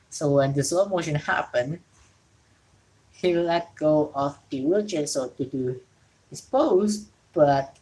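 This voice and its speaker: A woman's voice: deep voice, darkish tone, rough recording. A woman from Indonesia, an English speaker, hosting a casual solo wrestling talk show from home and rambling with frequent self-corrections. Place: home during rain.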